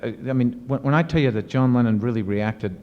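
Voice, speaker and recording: A man, an author and professor, answering audience questions in lively storytelling with many restarts and fillers. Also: medium pitch, brisk, long reverb tail. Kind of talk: casual spoken Q&A. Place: university lecture event. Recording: muffled 1970s archive recording.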